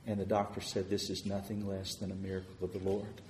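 A man preaching a sermon, telling stories of answered prayer and swelling louder as he retells people's words. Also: low-pitched, little pitch movement, fairly quick, roomy sound, noisy background.

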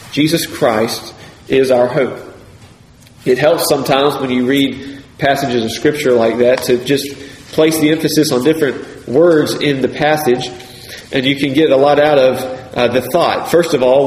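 Man preaching, emphatic and deliberate, roomy hall echo, faint background hum. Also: mid-range voice, darkish tone. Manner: deliberate, emphatic, repeats key phrases. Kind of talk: sermon. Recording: echoey hall, faint ambience.

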